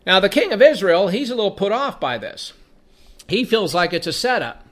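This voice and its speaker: A man's voice: high-pitched, sing-song, normal speed, fairly bright tone. A man teaching from the Bible, reading passages aloud and then explaining them in a conversational way, often repeating words as he thinks.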